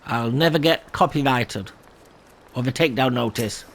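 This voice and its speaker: A man's voice: mid-range voice, normal speed, slight background noise. A man hosting a gameplay video, rambling and self-deprecating and laughing often. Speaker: gaming channel host. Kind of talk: casual gameplay commentary.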